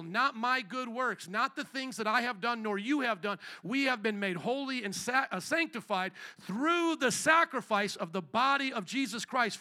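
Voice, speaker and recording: Man, pastor, sermon in a church, congregation responses, high voice. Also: bright, forceful tone. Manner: call-and-response preaching, asks the congregation questions.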